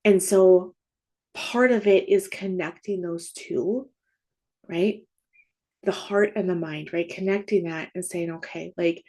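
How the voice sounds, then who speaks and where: A woman in her thirties with a mellow, lowish voice hosts a faith-based grief podcast as a grief coach, teaching in a casual spoken way. She's conversational, using "like" often and checking in with "right?" and "okay?".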